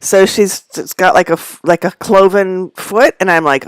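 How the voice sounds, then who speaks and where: A woman's voice: lowish voice, a little slow, no room sound. Chatty woman host, dry close sound. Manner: rambling, chatty, laughs often between asides. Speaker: host of a live knitting stream. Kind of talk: casual live-stream chat. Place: at home among packed belongings.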